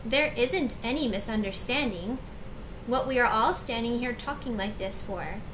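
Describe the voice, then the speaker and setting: A woman's voice: on the high side, normal speed, a bit bright, slight background noise, natural voice. A woman voicing an angry, protective father who speaks sternly and huffily. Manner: stern, huffy.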